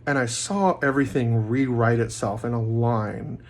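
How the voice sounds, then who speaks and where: A man's voice: medium pitch, steady tone, moderate pace. Rambling man talking about faith. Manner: rambling, with many fillers; acts out quoted voices loudly. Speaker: vlogger. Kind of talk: casual monologue.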